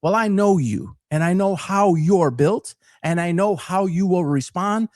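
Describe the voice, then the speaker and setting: A man's voice: sits high, a little slow, darkish tone, no echo, clean studio sound. A man in his fifties from Detroit with a Detroit accent, hosting a sports talk show in an earnest, emphatic, unscripted monologue. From Detroit, Michigan. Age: 50s. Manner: earnest, emphatic, repeats words as he builds his point.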